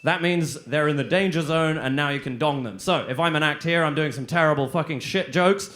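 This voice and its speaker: A man hosting a live comedy show, explaining the rules to the crowd with loud, swearing banter. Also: on the high side, a little fast, noisy background. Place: comedy venue stage.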